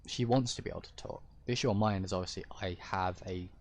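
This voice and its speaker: A man with a deep-ish voice, streaming a roleplay game and chatting to viewers in a rambling, hesitant way as he explains things. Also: steady tone, fast talker. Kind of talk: casual chat to stream viewers.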